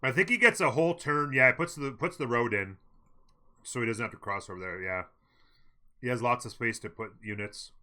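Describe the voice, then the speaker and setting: A man talks through a strategy game match on a live stream, musing aloud in a loose, unhurried way. His voice has a very bright, crisp edge and sits at a middle pitch, close to a desk microphone. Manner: relaxed, thinking aloud with fillers, eating while talking. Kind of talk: casual live-stream commentary.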